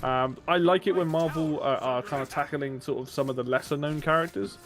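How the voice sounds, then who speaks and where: A man's voice: fairly high pitch, brisk, faint music behind. A man streaming a game and chatting casually, rambling with enthusiasm and casual swearing. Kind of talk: casual chat while gaming.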